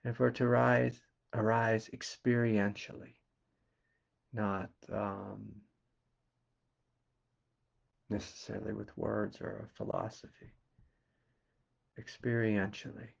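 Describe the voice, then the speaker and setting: A man from Kentucky with a Southern accent, a spiritual teacher giving a slow, meditative satsang talk and asking quiet questions between soft laughs. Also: lowish voice, flat delivery, vocal fry, dull audio. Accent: Southern American. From Kentucky, USA.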